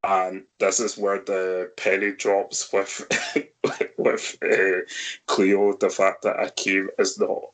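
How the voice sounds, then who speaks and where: A male podcast host talks at an unhurried pace in a fairly low voice. He leads a casual film discussion, walking through scenes and turning questions over to his co-hosts. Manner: leads the talk, recapping scenes and asking the others.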